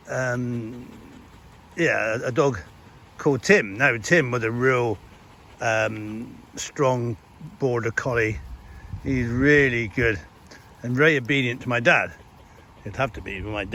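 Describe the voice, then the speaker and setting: A man's voice: medium pitch, fairly bright tone. A man who farms, chatting casually outdoors in a field with his dog as he remembers the dogs he has had, laughing often. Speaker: farmer vlogger. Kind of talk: casual chat.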